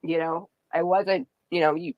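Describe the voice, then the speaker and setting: A woman's voice: low voice, fairly even intonation, normal speed, dry recording, dull audio. A woman in her forties talking in a rambling, tearful way on a livestream, full of fillers. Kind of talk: rambling personal livestream talk.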